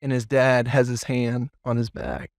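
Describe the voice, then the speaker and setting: Brief: pastor, male, animated anecdote-teller, podcast, dry sound. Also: mid-range voice, unhurried, creaky, no room sound. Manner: animated storyteller, lots of fillers. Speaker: children's pastor. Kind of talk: casual podcast chat.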